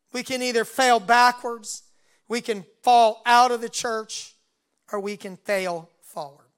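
A male preacher delivering a sermon at an unhurried, deliberate pace. His voice is smooth and clear, and he slips into the lines of the story's speakers as he retells it. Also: extremely high pitch, fairly bright tone.

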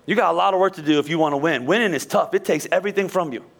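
A man preaching a sermon in an animated, conversational way, acting out quoted voices. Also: fairly high pitch, racing, gravelly. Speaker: pastor.

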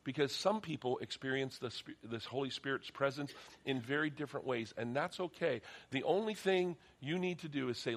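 A man's voice: medium pitch, a little fast, hardly any pauses. A middle-aged man preaching a sermon in a church, earnest, often repeating words as he starts a sentence, then leading a prayer. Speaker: pastor. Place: church sanctuary.

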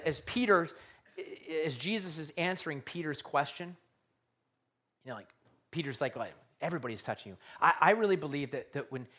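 A male pastor preaching a conversational sermon, acting out the scenes as he tells them. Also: on the high side. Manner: animated, conversational, acts out scenes.

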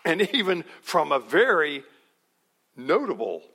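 A middle-aged male pastor preaching a sermon, animated and acting out quotes with chuckles. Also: fairly high pitch, a little slow, creaky, husky.

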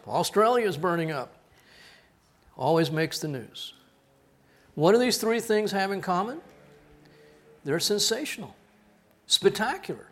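A middle-aged man from Texas preaching a sermon, telling folksy stories in an animated way. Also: high voice.

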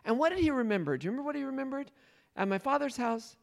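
A man's voice: extremely high pitch, expressive, very fast, creaky. A man leading a Bible study, retelling a story and questioning his listeners, laughing often. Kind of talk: interactive Bible teaching.

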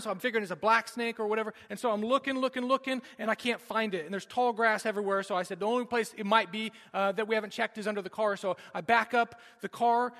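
A man in his thirties preaching a sermon and telling a personal story with dramatic shifts between urgent and hushed delivery. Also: sits high. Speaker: pastor. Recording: long hall reverb.

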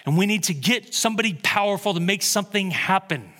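Male pastor, bright and lively, preaching in a reverberant hall. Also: high voice, fast talker. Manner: animated storytelling, laughing at own jokes. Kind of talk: sermon.

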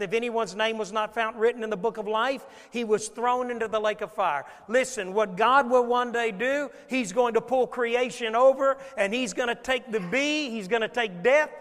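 An extremely high, fairly bright male voice carries this sermon through a long-reverb hall. The pastor tells stories, dramatizes scenes and questions his listeners.

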